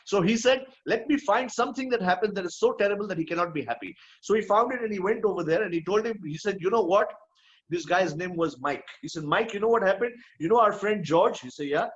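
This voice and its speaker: High-voiced man giving a motivational talk. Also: lively intonation, fast talker, muffled recording. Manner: emphatic, repeats key phrases, frequent "hmm?" check-ins. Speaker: motivational speaker. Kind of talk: motivational talk at an online event.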